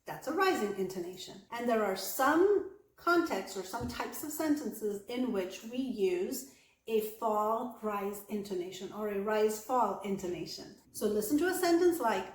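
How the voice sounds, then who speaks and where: A woman giving an online English pronunciation lesson, speaking clearly and deliberately and slowing down to model example sentences. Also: medium pitch, lively intonation, echoey room, slight background noise. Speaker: English accent coach.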